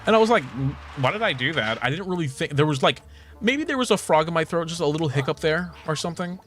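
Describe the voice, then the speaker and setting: A man's voice: fairly high pitch, expressive, fast talker, a bit bright, slight background noise. A man in his late twenties chatting casually while streaming a game, joking, swearing and laughing often. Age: 20s. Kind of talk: casual gaming stream chat.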